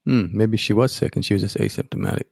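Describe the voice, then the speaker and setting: Male host, gravelly and dark, deadpan quips, dry room. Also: on the low side, fast, no echo. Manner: dry, wry replies, many short murmurs. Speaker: podcast host. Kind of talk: casual chat.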